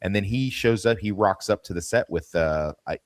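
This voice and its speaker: Low-voiced host with a slight lisp. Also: male voice, moderate pace, dry recording, clean studio sound. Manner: rambling, jokey, swears casually. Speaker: podcast host. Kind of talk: casual chat.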